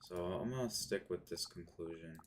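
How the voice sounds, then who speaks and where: A man's voice: sits low, moderate pace, slight background noise. A man talking through his day trades live, frustrated and hard on himself, swearing and saying "man" and "bro". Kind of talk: live trading commentary to himself.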